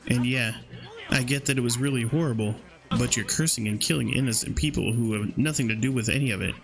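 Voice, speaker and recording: A man's voice: medium pitch, quick pace, vocal fry. A man playing a horror game and reading its dialogue aloud, with casual, slangy reactions in between. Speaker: gaming video creator.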